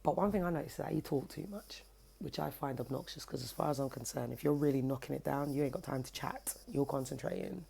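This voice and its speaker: Low, husky woman telling a story. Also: fast. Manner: animated, cheeky, swears freely. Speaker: vlogger. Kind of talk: casual storytelling to camera. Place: at home, indoors by her kitchen window.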